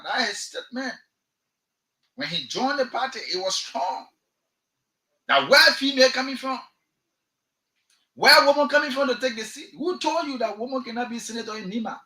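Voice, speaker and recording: A man's voice: very high-pitched, bright, forceful tone, echoey room, poor audio. A man with a Liberian English accent hosting a radio talk show, delivering impassioned political commentary and firing off repeated rhetorical questions. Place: radio studio.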